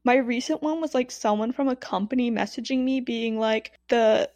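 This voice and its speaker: A woman in casual chat, talking quickly with many fillers. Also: a little high, a little mellow, no room sound. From foreigner living in Korea.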